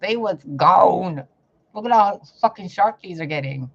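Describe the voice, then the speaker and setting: A woman vlogging a rambling, profane spiritual rant that swings between loud outbursts and hushed muttering. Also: on the low side, animated, unhurried, vocal fry, lo-fi sound. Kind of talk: ranting spiritual vlog monologue.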